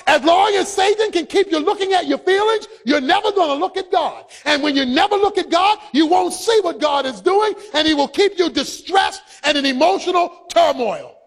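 A man preaching a sermon, swinging between loud shouted passages and quiet, low asides. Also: animated, normal speed, gravelly, hardly any pauses. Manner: preaching, rising to shouts then dropping low. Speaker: pastor. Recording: long hall reverb.

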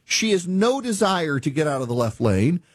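A man hosting a talk show, telling a driving story in an exasperated, animated rant. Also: fairly high pitch, moderate pace, husky, dry recording, clean studio sound. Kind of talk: ranting monologue.

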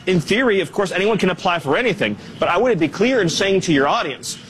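A man's voice: high-pitched, lively intonation, a bit bright, a little hiss or hum. A man speaking as a government official, delivering firm, emphatic political talking points. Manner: firm, emphatic, rapid-fire. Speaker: government official interviewed on air.

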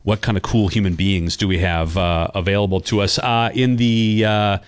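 Low-voiced, enthusiastic fill-in radio host. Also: male voice, steady tone, normal speed, smooth. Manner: enthusiastic, rambling, with many fillers. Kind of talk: casual radio chat.

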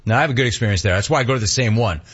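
A man in his fifties hosting a call-in talk radio show, ranting with animated energy and mocking voices. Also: rapid-fire, dull audio, crowd noise. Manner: animated ranting, mocks cheerful clerks in a high voice. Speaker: radio talk show host taking calls.

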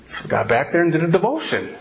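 A middle-aged man preaching as a pastor, telling a funny story with lively energy before reading and explaining Scripture. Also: a little high, fast, vocal fry, crowd noise. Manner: animated storyteller, laughs while telling. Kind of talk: sermon with storytelling.

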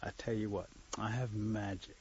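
A man voicing a grumpy, sleepy little magic mole in a husky voice, on a dull lo-fi recording. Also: on the low side, fairly even intonation, normal speed. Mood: bargaining. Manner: grumbling, impatient.

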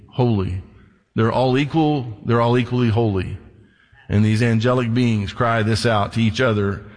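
A man preaching a sermon, earnest and conversational, reading scripture slowly and with emphasis. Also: mid-range voice. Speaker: pastor. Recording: long hall reverb.

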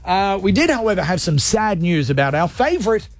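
A man hosting a late-night radio comedy show. His pitch swoops up and down with lively energy, and his voice sits a little high for a man. He rattles off jokes and shout-outs in a playful, teasing way. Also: fairly quick, faint music behind. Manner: animated, jokey, mock announcer voice at times. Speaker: radio host.

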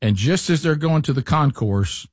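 A man's voice: a little high, animated, normal speed, no room sound, studio quality. A man hosting a radio show, telling a story in casual banter and acting out quotes with teasing humor.

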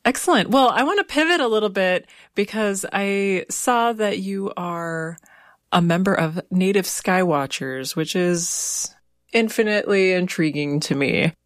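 A woman's voice: mid-range voice, lively intonation, unhurried, no room sound, clean studio sound. A woman interviewer asking curious, encouraging questions.

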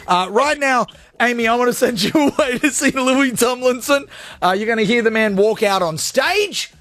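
A man's voice: extremely high pitch, animated, moderate pace, fairly bright tone, no room sound. A man in his forties with an Australian accent, hosting a live radio show with brash, joking, self-mocking banter. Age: 40s. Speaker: radio host.

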